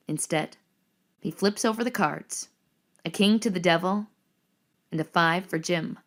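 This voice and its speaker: A woman narrating the action lines of a screenplay reading in a measured, descriptive way. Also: on the low side.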